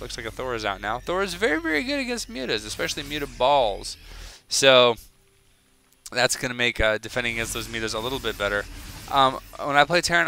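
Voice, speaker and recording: A young man giving casual, rambling solo commentary on a video game match, chatty and excitable, with many fillers. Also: mid-range voice, slight background noise.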